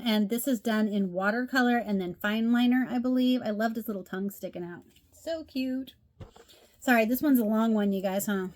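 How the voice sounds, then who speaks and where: A middle-aged woman chatting casually as she shows off craft cards, gushing and repeating how much she loves each one. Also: a little high. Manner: gushing, chatty, says "love" a lot. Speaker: craft video host. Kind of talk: casual show-and-tell chat.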